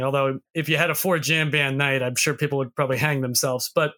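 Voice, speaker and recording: A man's voice: mid-range voice, little pitch movement, a little fast, pushed and bright. A man from Boston with no local accent, co-hosting a podcast in casual, rambling chat with some swearing. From Boston, USA. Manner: rambling, profane, full of restarts. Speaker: podcast co-host.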